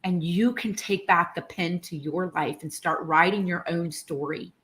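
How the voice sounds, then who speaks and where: Woman, low-ish voice, casual motivational vlog, earnest and emotional, animated. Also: a little slow. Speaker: motivational vlogger. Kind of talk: casual motivational talk to camera.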